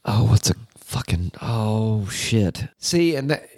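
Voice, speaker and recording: A man talking casually and animatedly about bass players, swearing and going off on nerdy tangents, with music playing behind him. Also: big pitch swings, takes it slowly, darkish tone, no room sound.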